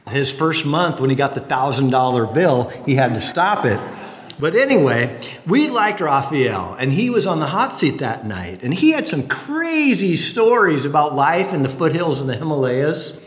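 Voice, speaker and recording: A man's voice: fairly high pitch, moderate pace. A middle-aged man preaching a sermon, telling stories with jokey asides. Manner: animated storyteller, jokey asides. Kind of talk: sermon with storytelling. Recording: echoey hall.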